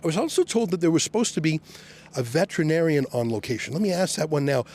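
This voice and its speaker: Guy reporting outside, higher voice, sarcastic, yelling questions at cops. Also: expressive, fast talker. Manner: sarcastic, shouting questions at police. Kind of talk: on-the-scene questioning. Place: outdoors.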